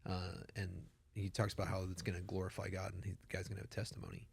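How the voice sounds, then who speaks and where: A man's voice: sits low, fast, creaky, slightly rough. A man in his thirties, a pastor co-hosting a podcast, telling stories with emphatic repetition. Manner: animated storytelling, emphatic repetition. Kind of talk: casual podcast conversation.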